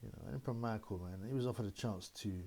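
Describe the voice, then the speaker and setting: Brief: male host, slightly low voice, loose rambling chat with laughs. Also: quick pace, creaky, dark tone, a little hiss or hum. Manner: rambling, laughing, mocking impressions of critics. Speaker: boxing channel host. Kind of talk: casual solo commentary.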